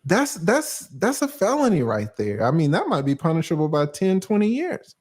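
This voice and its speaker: Man, livestream legal breakdown, casual, profane, animated, slightly high voice. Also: breathy edge. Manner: animated, profane, acts out judges in quick asides. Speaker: livestream host, lawyer.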